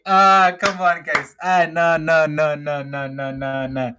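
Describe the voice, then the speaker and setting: South African man, young, football watch-along host, excitable, repeats exclamations, fairly high voice. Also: slow pace, hardly any pauses, background noise. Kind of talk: live match watch-along reaction.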